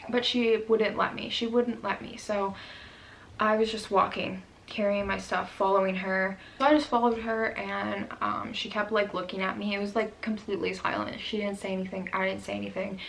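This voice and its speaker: Young woman vlogging a storytime, emotional and candid, lots of ums, gravelly voice, slight background hiss. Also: mid-range voice, flat delivery, normal speed, fairly bright tone, poor audio. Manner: emotional, candid, many fillers. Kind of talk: personal storytime vlog.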